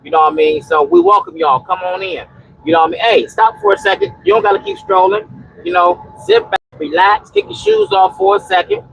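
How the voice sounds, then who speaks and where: A man talks into his phone from a truck cab, his voice pitched high with a rough, gravelly edge. He preaches and repeats himself, rambling through restarts as he chats with viewers over a faint vehicle hum. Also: lively intonation, fairly quick, a bit bright, low-quality recording. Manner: preachy, repetitive exhortation; rambling with many restarts and "you know". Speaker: trucker and homesteading livestream host. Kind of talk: casual livestream talk, answering chat.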